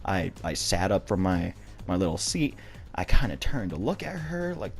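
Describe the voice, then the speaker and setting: Young guy, kinda low voice, rambling storytime w lots of restarts, faint music behind. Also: very animated, normal speed, gravelly. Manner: rambling, many restarts and swearing. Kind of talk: casual spoken storytime.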